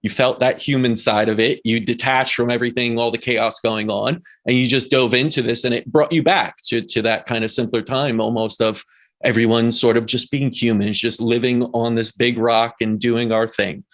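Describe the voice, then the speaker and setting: A man hosting an interview, talking in a relaxed and unhurried way. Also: mid-range voice. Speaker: host. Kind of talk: casual interview chat.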